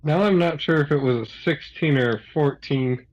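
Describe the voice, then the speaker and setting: Man, tabletop player, casual chat, hesitant, somewhat high voice, muffled lo-fi mic. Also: moderate pace, a little mellow. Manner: chatty, hesitant filler-laden description.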